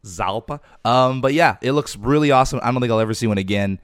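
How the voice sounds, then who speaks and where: A man's voice: medium pitch, quick pace, smooth, no room sound, studio quality. A man hosting a podcast, chatting casually about cars and rambling a little with fillers. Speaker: podcast host. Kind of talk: casual car chat.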